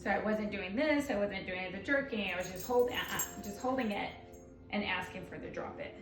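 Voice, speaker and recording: A woman dog trainer explaining a training demonstration while playing, switching between excited praise and firm commands. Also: mid-range voice, normal speed, reverberant, distant mic, music in the background.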